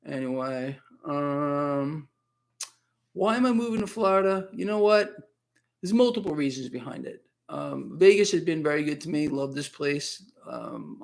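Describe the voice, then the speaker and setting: A man's voice: a little high, creaky. A man hosting a casual live stream, chatting in a rambling way and reading viewer comments aloud.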